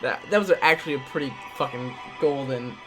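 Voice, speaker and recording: A man's voice: medium pitch, fairly quick, over music. A man co-hosting a casual film podcast, laughing, teasing and swearing freely. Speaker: podcast co-host. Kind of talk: casual chat.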